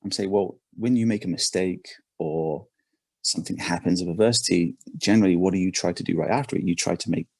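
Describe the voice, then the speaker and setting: An English man, a performance coach, tells an animated story in a podcast interview, often repeating his words. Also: low voice, fairly quick, gravelly, husky, no room sound. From England.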